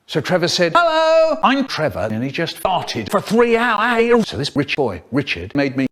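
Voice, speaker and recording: A man's voice: on the high side, big pitch swings, normal speed, fairly bright tone. A man rambling through an absurd comedy monologue, hopping between silly voices. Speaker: collab contributor. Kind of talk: absurd comic monologue in a collab video.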